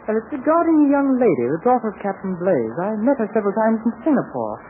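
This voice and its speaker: A breezy young British airman, voice bouncing lively up and down in easy, chummy talk. His British accent rings through a scratchy, lo-fi old radio recording with a faint hiss. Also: high voice, fast talker. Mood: boastful. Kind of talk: 1940s radio acting. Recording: scratchy 1940s radio broadcast.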